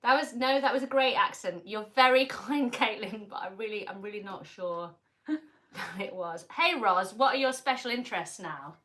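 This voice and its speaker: A woman's voice: medium pitch, normal speed, bright, forceful tone. A woman hosting a livestream in casual chat, playful and joking, often laughing. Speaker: livestream host.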